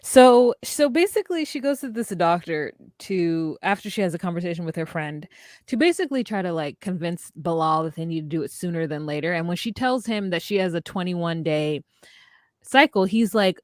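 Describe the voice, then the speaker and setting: A woman's voice: fairly low pitch, animated, normal speed, no room sound, studio quality. A woman co-hosting a casual recap podcast, chatty and wry, telling the story with asides. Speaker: podcast co-host recapping a reality show. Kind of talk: casual chat.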